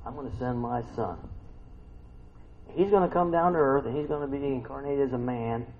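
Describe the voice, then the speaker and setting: A man preaching a sermon who swings from hushed, intimate lines to sudden excited outbursts. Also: medium pitch, normal speed, dull audio, a little hiss or hum. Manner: swings from hushed to shouting bursts.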